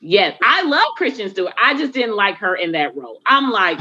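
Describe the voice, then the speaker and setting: Female podcast host: blunt, profane, joking; mid-pitched, muffled lo-fi audio. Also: very animated, normal speed, sharp tone. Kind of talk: casual chat. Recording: dull lo-fi recording.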